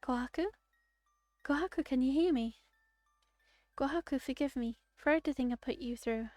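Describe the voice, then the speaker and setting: Woman reading heartbroken young game heroine, tender, earnest, higher voice. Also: moderate pace, a little mellow, dry recording, faint music behind, close to an everyday voice. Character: heartbroken young woman saying farewell to her love.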